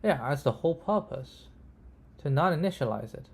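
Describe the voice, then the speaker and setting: A man thinking aloud as he codes, halting and correcting himself, often checking in with "right?" and "okay?". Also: a little high, animated, creaky, a little mellow, husky. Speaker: coding tutor. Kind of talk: thinking aloud while live coding.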